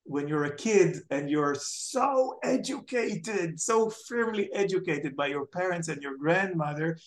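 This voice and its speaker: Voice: medium pitch, a little slow, echoey room. A speaker from Israel, a memoir author telling family stories in an interview and acting out the people quoted. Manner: animated storyteller, acts out quoted family members. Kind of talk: storytelling interview answers.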